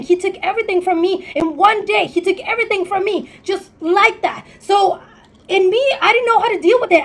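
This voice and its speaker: Candid woman telling a raw breakup story. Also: high-pitched. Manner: candid and emotional, heavy swearing, quick asides. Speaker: vlogger. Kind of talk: storytime monologue.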